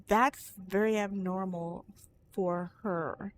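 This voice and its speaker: A woman's voice: mid-range voice, steady tone, takes it slowly, slight background noise. A woman talking frankly in a personal vlog, rambling with restarts and tangents. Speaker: vlogger.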